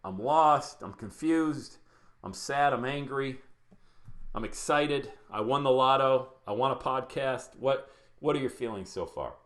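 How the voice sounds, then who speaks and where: A man running a live online podcasting workshop, talking fast and chatty, greeting viewers by name as he shares his screen. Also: mid-range voice, a bit bright. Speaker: podcast coach. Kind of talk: live webinar training.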